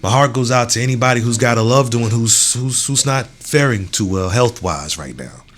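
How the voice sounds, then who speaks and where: A young adult man hosts his own podcast in a loose, unscripted solo monologue. His voice sits in an ordinary middle range. He swears freely and keeps checking in with the listener, moving from heated venting to warm encouragement. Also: medium pitch, moderate pace. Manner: loose and conversational, repeats "you know what I'm saying". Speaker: podcast host.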